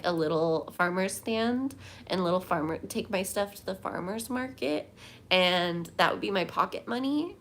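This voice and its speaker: A woman's voice: mid-range voice, pushed and bright. A woman livestreaming from home, chatting casually and rambling as she answers viewers' comments. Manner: chatty, rambling, reads chat aloud.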